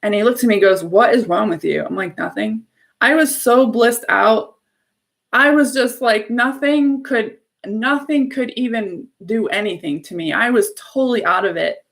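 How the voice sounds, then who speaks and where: A woman's voice: fairly high pitch, normal speed. A woman hosting a live show, telling a story in an earnest, effusive, casual way. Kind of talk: casual spiritual live-stream talk.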